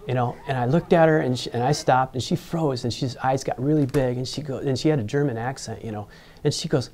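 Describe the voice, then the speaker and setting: A man's voice: mid-range voice, quick pace, dark tone. A man being interviewed, telling a personal story in a rambling way with many fillers and restarts. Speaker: engineer interviewed about mascot costuming.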